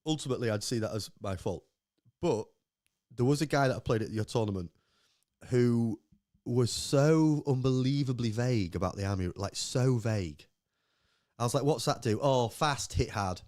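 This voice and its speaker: A man talks loosely on a podcast, beer in hand, tumbling from one thought to the next and slipping into little impressions of the people he quotes. His voice sits at an ordinary pitch and is recorded close and dry, with no room sound. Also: normal speed, dry recording. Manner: rambling, animated storytelling with acted-out quotes. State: drinking beer. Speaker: podcast co-host. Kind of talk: casual chat.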